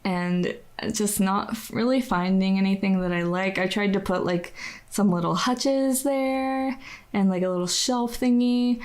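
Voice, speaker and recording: Young American woman, casual voice-over, chatty, rambling, filler-heavy, mid-pitched voice. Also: unhurried, darkish tone. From United States. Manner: chatty, rambling, says "like" constantly, laughs at herself. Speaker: game builder narrating a speedbuild.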